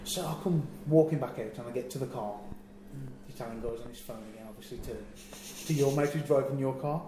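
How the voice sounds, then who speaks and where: A man's voice: mid-range voice, brisk. Brief: man, casual storyteller who acts out quotes, mid-range voice, roomy echo with faint hum behind. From England. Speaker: wrestler telling a road story. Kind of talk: casual anecdote. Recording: echoey room, faint ambient noise.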